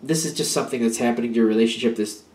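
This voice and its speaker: A man's voice: medium pitch, racing, darkish tone, reverberant. A man giving a casual spoken tarot reading. He rambles and restarts as he talks, and now and then acts out an imagined partner's pleas. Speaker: tarot reader.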